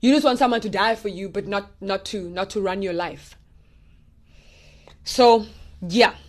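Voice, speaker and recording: A young woman giving a casual, animated Bible teaching, talking straight to her listeners in a direct, preachy way. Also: mid-range voice, a little slow. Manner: animated, preachy and direct, speaking to viewers as y'all.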